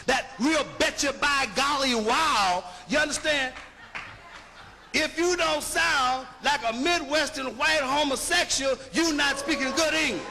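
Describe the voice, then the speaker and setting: A man's voice: very high-pitched, a little slow, creaky, bright, forceful tone, slight background noise. A man giving an emphatic, rhetorical lecture, punching his points and checking that listeners follow. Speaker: linguistics lecturer. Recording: long hall reverb.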